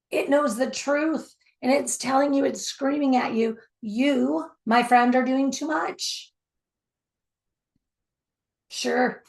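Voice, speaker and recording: A woman teaching about communication at a slow, deliberate pace. Her voice sits a little high, and she leans on repeated words for emphasis, now and then sinking into a hushed near-whisper. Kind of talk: spoken teaching to camera.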